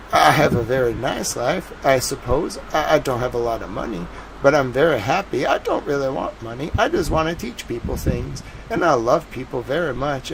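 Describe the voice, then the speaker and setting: A man with a Boston accent, a live news streamer talking casually to his chat in a soft, drawling way with lively swoops in pitch. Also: creaky, a little hiss or hum, poor audio. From New England.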